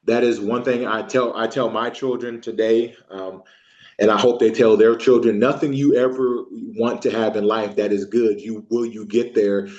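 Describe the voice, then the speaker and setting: A man, an Army veteran, recalling his service in an oral history interview, halting with frequent ums and restarts. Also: on the low side, steady tone, a little mellow. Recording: echoey room, dull lo-fi sound.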